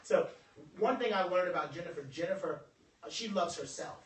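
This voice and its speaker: A man giving a joking, animated motivational workshop talk to a group. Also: high-pitched, moderate pace, distant mic, noisy background. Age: adult over twenty-five. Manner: animated, joking, preacher-like delivery. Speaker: motivational speaker. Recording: echoey room, voice from afar.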